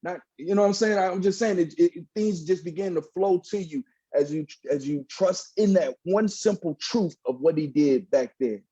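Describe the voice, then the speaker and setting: A man's voice: high voice, normal speed, few pauses, dark tone, husky, dull audio. A man in his thirties, a former pastor, telling his faith story in a casual, preachy way and often saying "bro". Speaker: guest, former pastor turned hip hop artist. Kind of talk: casual testimony in a podcast interview.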